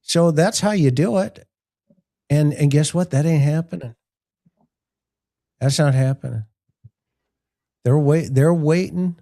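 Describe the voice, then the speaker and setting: A man's voice: fairly high pitch, slow, creaky, long pauses, dark tone. An older man, a retired homicide detective, telling cop stories in a casual panel chat and acting out quoted voices. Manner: storytelling, acts out quoted voices.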